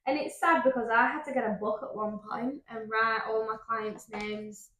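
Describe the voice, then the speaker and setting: A woman's voice: a little high, fairly even intonation, normal speed, fairly bright tone, a little hiss or hum. A young woman, co-hosting a podcast in a sympathetic, chatty way. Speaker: podcast co-host. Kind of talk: casual chat. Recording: roomy echo.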